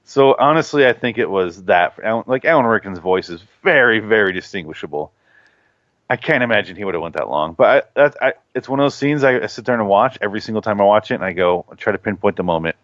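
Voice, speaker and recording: A man with a lowish voice rambling through a casual podcast chat, often breaking into laughs. The sound is dull and dry, with no room to it. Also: animated, fast talker, a bit bright, no room sound.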